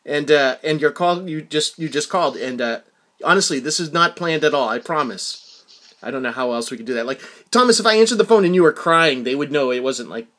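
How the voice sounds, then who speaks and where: A man's voice: a little high, expressive, fairly quick, fairly bright tone. Rambling, upbeat middle-aged male podcaster. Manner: rambling storytelling with many restarts and acted-out quotes. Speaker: podcast host. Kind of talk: casual podcast monologue and phone chat.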